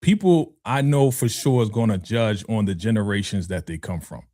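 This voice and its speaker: A man's voice: fairly low pitch, normal speed, warm tone, no room sound. Dry-voiced New York man talking hip hop. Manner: conversational storyteller, frequent "you know what I'm saying". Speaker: podcast co-host. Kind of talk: casual podcast chat.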